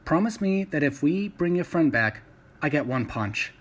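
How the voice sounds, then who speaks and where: A man's voice: on the high side, animated, moderate pace. A man reading a sardonic bargaining inventor. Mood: dry.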